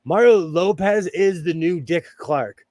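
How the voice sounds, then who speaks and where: A man with a Southern Californian accent chats loosely through a livestream. He rambles and laughs often. His voice sits a bit high, and the sound is dry and close. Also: unhurried, a little mellow, no room sound. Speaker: livestream host. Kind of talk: casual livestream chat.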